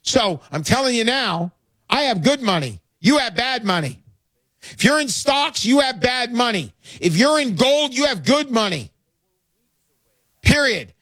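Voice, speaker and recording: Brash, high-voiced talk host. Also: male voice, big pitch swings, a little slow, fairly bright tone, dry recording. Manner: brash, pushy salesman patter. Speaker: radio show host. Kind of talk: gold sales talk show.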